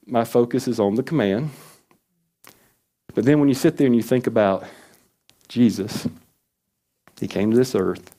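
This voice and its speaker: A man preaching a sermon in an earnest, conversational way, acting out quoted prayers. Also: dark tone. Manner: earnest, acts out quoted prayers with rising pitch. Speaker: pastor.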